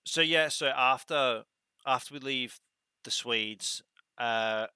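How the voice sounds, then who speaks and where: Bright-voiced man, dry sound. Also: mid-range voice, slow pace, clear, resonant tone, dry recording. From Australia. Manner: rambling, laughs often, retells scenes. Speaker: podcast guest. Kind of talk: casual episode breakdown chat.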